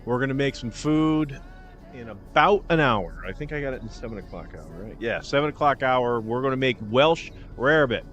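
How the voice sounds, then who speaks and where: A man's voice: medium pitch, expressive, normal speed, a bit bright. A man hosting a casual cooking livestream, rambling and joking at his own expense, with the odd swear word. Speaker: livestream host. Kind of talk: casual cooking-show chat.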